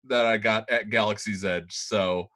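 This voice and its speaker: A man's voice: on the low side, fairly even intonation, measured pace, bright, forceful tone. A man co-hosting a casual podcast, stammering often and laughing a lot. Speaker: podcast co-host.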